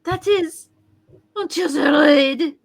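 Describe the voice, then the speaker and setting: A woman's voice: sits high, slow. A woman voicing an earnest young German woman who tells her story in a dramatic, storybook-reading way.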